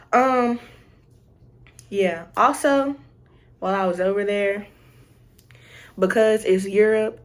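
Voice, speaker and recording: A young woman with a Southern American accent talks casually to her viewers. She tells stories in an animated way and acts out the greetings she traded with people. Her voice sits at a middle pitch. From Southern United States. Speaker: vlogger. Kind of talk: casual chat.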